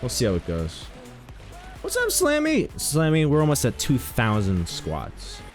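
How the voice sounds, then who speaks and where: Animated, joking male streamer. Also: lowish voice, moderate pace, faint music behind. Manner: joking, rambling, animated storytelling. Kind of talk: casual live-stream chat while gaming.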